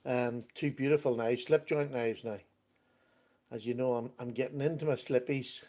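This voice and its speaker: A man's voice: mid-range voice, steady tone, moderate pace, warm tone. A man hosting a casual livestream chat, greeting viewers by name as he talks. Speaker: livestream host. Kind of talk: casual live-stream chat.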